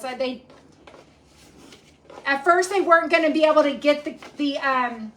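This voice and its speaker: A woman's voice: high voice, normal speed, long pauses, fairly bright tone, a little hiss or hum. A woman hosting a home cooking live stream, chatting in a rambling way with lots of ums as she cooks in her kitchen. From Texas. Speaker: cooking show host.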